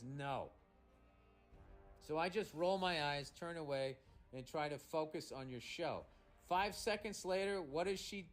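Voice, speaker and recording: A man hosting a comedy podcast, reading a listener's letter aloud and breaking in with sarcastic, profane asides. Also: a little high.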